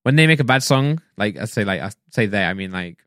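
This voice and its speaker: Fast-talking rambling man. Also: on the low side, expressive, fairly bright tone, no echo, studio quality. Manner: fast rambling talk with many likes and restarts. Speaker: podcast co-host. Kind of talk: casual chat.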